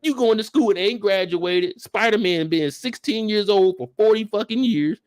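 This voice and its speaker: A man with a high-pitched voice tears into a comic rant, animated and exasperated, with frequent cursing. The sound is dry and close, with no room echo. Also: normal speed, hardly any pauses. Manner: animated, profane, exasperated storytelling. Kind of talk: comedic rant.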